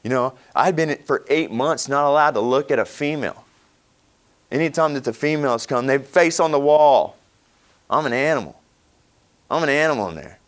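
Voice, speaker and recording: A man's voice: mid-range voice, normal speed. Man telling his story, laughing often. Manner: animated, laughs often, many restarts. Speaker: speaker sharing his recovery story. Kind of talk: personal storytelling talk.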